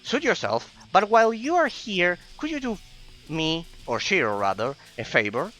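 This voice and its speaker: A man's voice: sing-song, moderate pace, bright, forceful tone, soft background music, full character voice, low-quality recording. A man reading aloud the quest lines of a proud female lizard keeper, raising his voice above his usual tone. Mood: boastful. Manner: reads quest text aloud, lifting his pitch.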